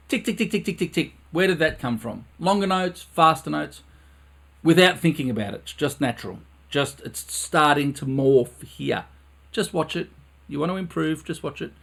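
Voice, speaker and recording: A man's voice: medium pitch, gravelly. A man teaching a live-streamed brass lesson from his recording studio, earnest, repeating phrases over and over for emphasis.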